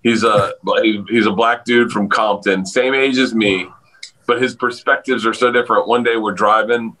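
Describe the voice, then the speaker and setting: Brief: male comedian guest, bright forceful voice, loud laughing storyteller on a video call. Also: normal speed, poor audio. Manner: loud storyteller, laughs a lot, jumps up in pitch when excited. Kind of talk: casual podcast chat.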